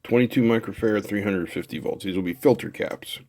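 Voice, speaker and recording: A man's voice: fairly low pitch, a little fast, a little mellow. A middle-aged man casually talking through a kit build as he solders, chatty and thinking aloud. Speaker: electronics hobbyist host.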